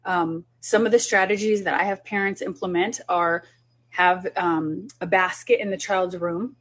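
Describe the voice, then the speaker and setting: A woman's voice: fairly low pitch, steady tone, unhurried, a bit bright, breathy edge. A woman who is a child development specialist, talking parents through a group session in an earnest, instructive way.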